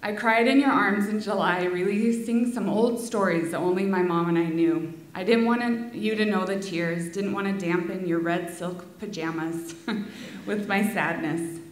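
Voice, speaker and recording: A woman reading a heartfelt memorial tribute to her father, with soft laughs between lines, in a school auditorium. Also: mid-range voice, unhurried. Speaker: daughter giving a eulogy. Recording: echoey hall.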